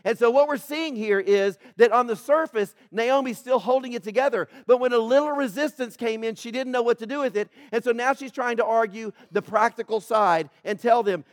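A man preaching a sermon as pastor, emphatic and addressing the congregation directly, swinging between loud build-ups and hushed asides. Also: very high-pitched, normal speed, few pauses, no room sound, studio quality. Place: church, in front of a congregation.

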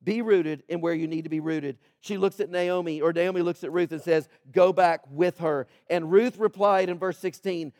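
Male pastor, high voice, dry close sound; preaches emphatically to his congregation, dropping to hushed asides. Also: fairly even intonation, normal speed, few pauses, dry recording. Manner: emphatic preaching with swings between loud build-ups and hushed asides; addresses the congregation directly, calling for responses. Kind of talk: sermon. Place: church, in front of a congregation.

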